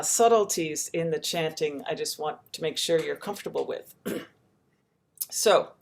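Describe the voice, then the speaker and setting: A woman teaching a daily chant practice, speaking gently and slowly and breaking into sung chant lines to demonstrate. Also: lowish voice. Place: home room with chair, screen share.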